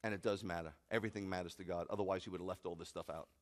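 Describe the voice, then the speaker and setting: A man's voice: sits low, fairly even intonation, racing. A man, a rabbi, preaching a sermon in an emphatic, joking way, recorded in a sanctuary with long reverb. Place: congregation sanctuary.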